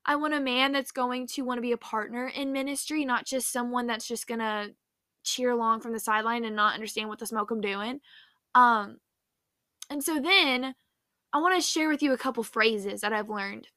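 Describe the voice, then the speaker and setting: A young woman with a bright, slightly high voice tells a Bible story to her viewers. She talks in a chatty, excitable way and fills her speech with "like". The sound is dry and close. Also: normal speed, no room sound. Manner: excitable, chatty, heavy use of "like". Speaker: faith vlogger.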